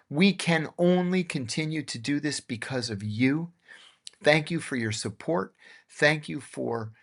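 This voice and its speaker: A man's voice: mid-range voice, a bit bright. A middle-aged man hosting a podcast, telling anecdotes in a casual way and acting out the dialogue. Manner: anecdotal, acts out dialogue in his tales. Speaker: podcast host.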